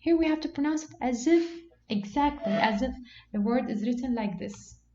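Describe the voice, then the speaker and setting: A woman teaching a Quran reading lesson, patient and explanatory, who often says okay and slows down to model words. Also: sits high, mellow. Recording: dull lo-fi sound with faint background noise.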